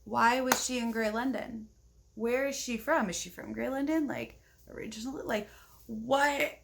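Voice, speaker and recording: A woman's voice: on the high side, normal speed, vocal fry, slight background noise. A woman chatting casually in a reading vlog, gushing about books and peppering her talk with "like.". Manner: chatty and gushing, fills speech with "like"; yawning, talking at bedtime. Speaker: book vlogger.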